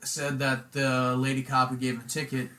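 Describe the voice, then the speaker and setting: Young male podcast host, bright tense tone, swearing storyteller, casual chat. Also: medium pitch, monotone, normal speed, slight background noise. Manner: profane, rambling storyteller who acts out quotes loudly.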